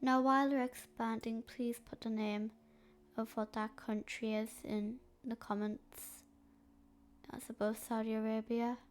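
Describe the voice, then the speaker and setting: Slow, stuffy-nosed woman narrating a map. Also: fairly high pitch, little pitch movement. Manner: hesitant, slow, with frequent fillers. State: stuffy, snotty nose. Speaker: map video creator.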